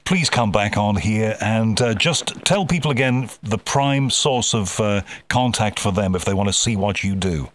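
A man's voice: on the low side, expressive, normal speed, hardly any pauses. A man hosting an interview podcast, talking casually with frequent restarts and effusive thanks. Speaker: podcast host.

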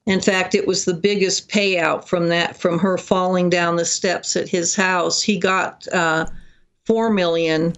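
Animated guest telling a long story. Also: medium pitch, a little slow, clean tone. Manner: animated, detailed retelling. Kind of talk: interview storytelling.

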